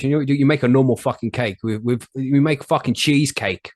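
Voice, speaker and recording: A man's voice: fairly high pitch, fairly quick, few pauses. Swearing, joking English man. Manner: profane, joking, rambling with many restarts. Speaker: podcast co-host. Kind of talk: casual comedic chat.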